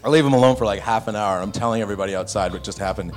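A man telling an anecdote to an audience in a hall, animated and acting out the other people's voices. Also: lowish voice, very fast, faint music behind. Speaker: actor telling a set anecdote. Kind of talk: onstage storytelling. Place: stage before an audience in a hall.

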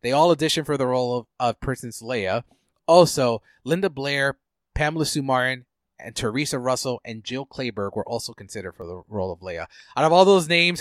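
A man hosting a podcast in casual chat, relaxed and rambling, with lots of fillers. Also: mid-range voice, brisk, dry recording, studio quality. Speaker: podcast host.

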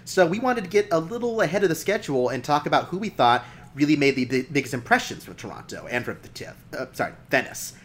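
A man's voice: a little high, sing-song, fast. A man hosting a casual film podcast, chatty and laughing often as he talks. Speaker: podcast host.

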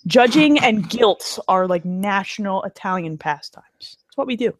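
A woman's voice: medium pitch, expressive, normal speed, no room sound. A woman co-hosting a podcast in casual chat, teasing her friend, swearing a lot and laughing through her lines. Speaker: podcast co-host.

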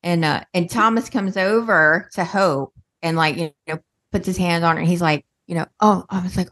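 A woman co-hosting a podcast, retelling soap opera scenes in relaxed casual chat, filling in with "you know" and acted-out quotes. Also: on the low side, moderate pace. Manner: relaxed storytelling, acts out scenes with quotes and fillers. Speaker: podcast co-host.

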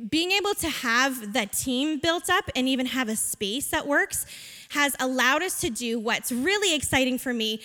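A woman with a high, bright voice speaks at church about her work with children. She tells her story earnestly, leaning on ums and likes. Her voice rings with a long hall reverb. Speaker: children's ministry leader. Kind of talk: church testimony talk.

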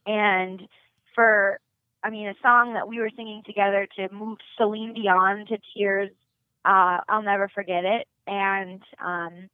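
A woman's voice: mid-range voice, measured pace, clean tone, no echo. Young woman singer from north dakota, gushing and laughing a lot, tinny phone sound. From North Dakota, USA. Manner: animated, giggly, gushing. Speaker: singer, podcast guest. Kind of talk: casual interview storytelling. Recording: dry phone-line audio.

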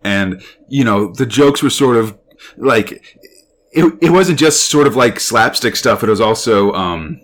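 On a podcast he co-hosts, this man talks casually at a measured pace, his mid-range voice full of lively intonation. He's eager and meandering, leaning heavily on fillers.

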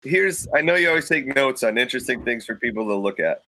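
A man's voice: medium pitch, lively intonation, fast, bright, forceful tone, no echo, rough recording. A man in casual conversation, telling a story vividly and acting out quoted thoughts with a raised voice into a studio microphone. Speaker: podcast guest telling a hunting story.

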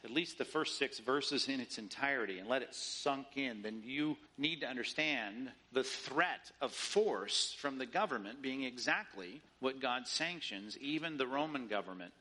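Pastor guy preaching, bright punchy voice, acts out bits of dialogue. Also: mid-range voice, moderate pace, few pauses. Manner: animated storytelling with mock dialogue. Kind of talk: sermon.

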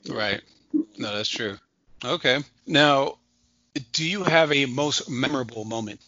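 Gravelly bright-voiced male interviewer. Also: mid-range voice, measured pace, no room sound. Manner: brief affirmations, relaxed questions. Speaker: podcast interviewer. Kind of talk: interview questions and backchannel. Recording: dry, dull lo-fi audio.

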